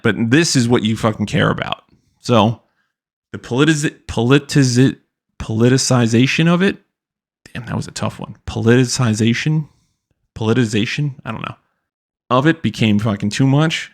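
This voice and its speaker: Brief: young male podcast host, gravelly, profane and blunt, casual rant delivery. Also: mid-range voice. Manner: blunt, profane, mocking impressions. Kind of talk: profane ranting commentary.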